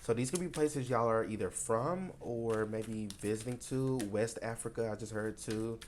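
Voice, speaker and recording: A man's voice: mid-range voice, moderate pace, slight background noise. A man from Tennessee, giving a casual, rambling tarot card reading. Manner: rambling and conversational, many fillers. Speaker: tarot reader.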